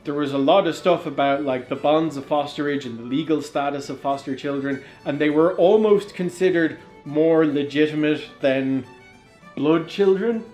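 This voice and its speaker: An Irish man explains old folklore with keen, rambling enthusiasm and plenty of fillers, his voice a little high. It echoes around the room. Faint guitar music sits underneath. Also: moderate pace, darkish tone. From Ireland. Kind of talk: casual chat, explaining.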